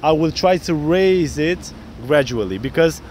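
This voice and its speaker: Animated male dating coach on a street. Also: a little high, measured pace, a little hiss or hum. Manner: animated, acts out pickup lines in different voices. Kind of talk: outdoor coaching talk. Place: city street outdoors.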